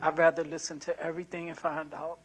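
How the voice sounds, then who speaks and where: Older woman answering questions in court, low-pitched voice, soft and kind of apologetic. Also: level tone, quick pace, noisy background. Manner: soft-spoken, earnest and apologetic. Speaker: prospective juror. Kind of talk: answering jury selection questions.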